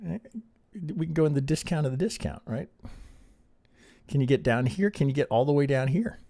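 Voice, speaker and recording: A man's voice: medium pitch, lively intonation, a little fast, vocal fry, dark tone, no room sound. A man teaching on a live stream as he reviews trading charts, thinking aloud and checking in with a constant "right?". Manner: peppers talk with rhetorical questions and "right?".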